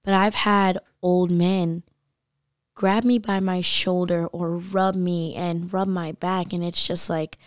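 Young woman, animated storyteller, slightly low voice, dry close sound. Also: takes it slowly, no room sound. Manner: animated storytelling, acts out voices, says "like" constantly. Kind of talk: casual chat.

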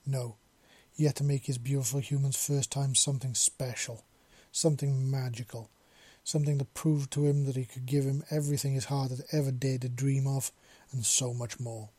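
A man narrating a story in a steady, even reading. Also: medium pitch, moderate pace, few pauses, no echo.

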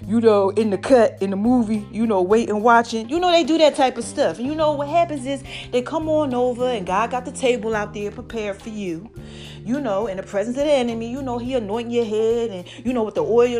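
A woman hosting her own podcast, talking casually and excitedly to her listeners, laughing often. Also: fairly high pitch. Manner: hyped, expressive, laughs often. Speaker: podcast host.

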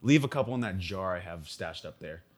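A man's voice: low-pitched, lively intonation, fairly quick. A man performing an improvised comedy sketch, reacting in a wary, exasperated and dry way.

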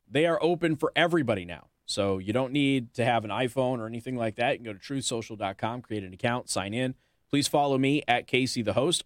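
A man's voice: mid-range voice, no echo, studio quality. A man hosting a talk radio show, making his points with pointed rhetorical questions and hiccuping now and then. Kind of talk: opinionated talk radio monologue.

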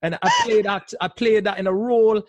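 A man doing a put-on Rasta-style accent as a swaggering gangster, loud and playful. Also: sits high, fairly even intonation, fairly quick, lo-fi sound, very noisy, voice pushed up, lightly acted.

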